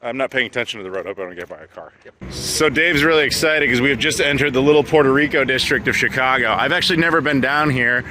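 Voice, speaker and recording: A man's voice: medium pitch, fast, bright, forceful tone, a little hiss or hum. A man hosting a travel and food vlog, chatting casually with friends in a joking, self-mocking way. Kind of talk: casual chat.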